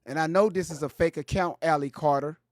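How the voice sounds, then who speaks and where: A man with hosts a livestream. He presses commenters with repeated questions, his voice sitting a bit high for a man, close and dry with no room sound. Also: brisk, no room sound. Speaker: livestream host. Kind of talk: livestream talk.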